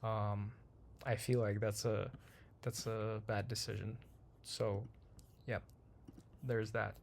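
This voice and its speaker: A man hosting a daily market review, talking casually through charts in a slightly hoarse voice, rambling and repeating himself with many ums. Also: lowish voice, flat delivery, takes it slowly, a little hiss or hum. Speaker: trading channel host.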